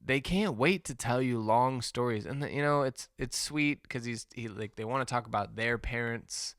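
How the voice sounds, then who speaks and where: A man hosting a podcast, delivering a rambling, profane comedic rant in a deadpan way. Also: medium pitch, normal speed, no room sound, studio quality. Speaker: podcast host.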